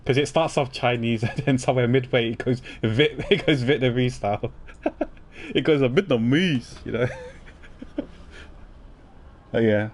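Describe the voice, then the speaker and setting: A man's voice: mid-range voice, normal speed, pauses often. Casting: a chatty male game streamer with a mid-range voice and faint noise behind. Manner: chatty, rambling, laughing often. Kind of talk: casual chat.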